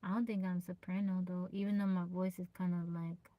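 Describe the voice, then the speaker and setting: A woman with a soft, naturally low voice chats casually with viewers on a live stream, greeting them by name and laughing often. She pushes to project over her quiet tone. The sound is close and dry. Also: flat delivery, a little fast, no room sound, dull audio. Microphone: phone.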